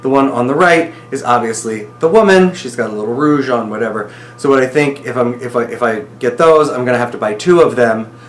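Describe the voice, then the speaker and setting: Excited rambling man in an echoey room. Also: mid-range voice, fairly quick, few pauses, faint music behind. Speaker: groom-to-be recording video messages to his partner. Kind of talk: casual video diary.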